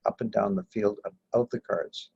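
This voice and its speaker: Teasing man on a lo-fi call, husky and gravelly. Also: on the low side, fairly even intonation, moderate pace, darkish tone. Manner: teasing, explains card-reading. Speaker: workshop participant. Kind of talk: casual group chat.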